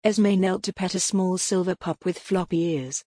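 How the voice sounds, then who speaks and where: A synthetic woman's voice gently narrating a bedtime story in a soothing reading manner. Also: on the low side, steady tone, normal speed, no echo, clean studio sound.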